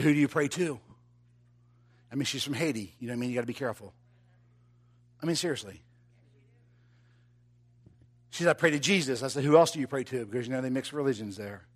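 A man preaching, telling a personal story with animated, rising delivery that drops to quiet, intimate moments. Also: mid-range voice. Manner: animated, builds to loud excited telling. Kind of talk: sermon storytelling.

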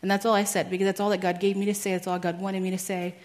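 A young woman shares a testimony at a church teaching. She talks casually, fills her sentences with "like" and laughs at herself, in a voice of ordinary pitch for a woman. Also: little pitch movement, racing, darkish tone. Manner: chatty, many "like"s, laughs at herself. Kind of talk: personal testimony talk.

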